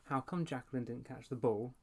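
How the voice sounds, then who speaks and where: A man's voice: medium pitch, a little fast, mellow, natural voice. Male narrator playing a teasing, mocking young boy in a storybook reading. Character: teasing mean-spirited boy.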